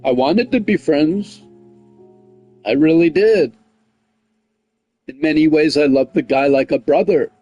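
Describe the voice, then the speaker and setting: A man's voice: fairly high pitch, unhurried, pauses often, no room sound, muffled recording, faint music behind. A man chatting casually on a gaming livestream, rambling with lots of "like" and "you know what I mean", and getting heated as he tells a story. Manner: gets heated and loud when retelling conflicts.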